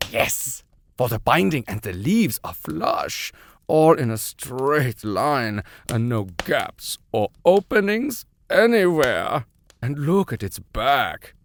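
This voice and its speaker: A man voicing an excitable old professor who gushes over a book, asking and answering his own questions. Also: medium pitch, slow, slight background noise, pitched above the performer's own voice. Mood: gushing. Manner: gushing, asks and answers himself.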